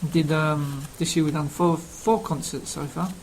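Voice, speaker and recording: A man's voice: a little high, fairly even intonation, moderate pace, slight background noise, poor audio. Chatty Cockney man with hesitant ums. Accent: Cockney London. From England. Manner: rambling, many ums and uhs. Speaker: language learning speaker. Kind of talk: casual self-introduction.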